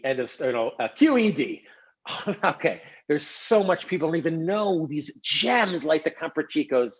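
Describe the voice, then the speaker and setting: A man's voice: a little high, expressive, normal speed, breathy edge, highs cut off. A man co-hosting a casual livestream, eager and agreeable, talking with fillers. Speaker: co-host.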